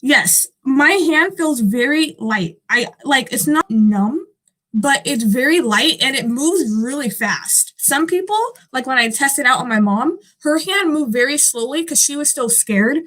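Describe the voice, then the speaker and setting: A woman's voice: high-pitched, expressive, unhurried, a bit bright. A young woman vlogger chatting casually and rambling, swearing often and sounding a bit skeptical. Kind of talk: casual chat.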